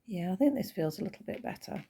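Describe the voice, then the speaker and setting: A woman's voice: medium pitch, lively intonation, quick pace, vocal fry, warm tone, husky. A woman with a Northern English accent, chatting casually while teaching a crochet project. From Northern England. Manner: chatty, rambling asides with fillers. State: voice tiring. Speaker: crochet tutor.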